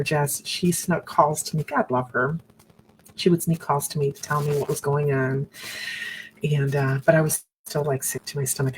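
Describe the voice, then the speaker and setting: A woman's voice: low-pitched, a little mellow, slight background noise, low-quality recording. A middle-aged woman earnestly recounting her own story to viewers on a broadcast, with reflective, faith-filled phrasing. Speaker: survivor sharing her story on a live broadcast.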